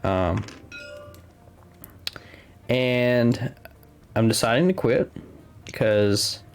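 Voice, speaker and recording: A man's voice: mid-range voice, extremely slow, clean tone. A man co-hosting a live tabletop game stream, chatting casually and laughing easily. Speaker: stream co-host and commentator.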